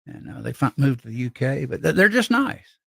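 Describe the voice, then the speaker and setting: A man's voice: medium pitch, big pitch swings, fairly quick, vocal fry, pushed and bright, breathy edge, no room sound. A man hosting a casual live stream, rambling and reading viewer comments aloud with lots of restarts.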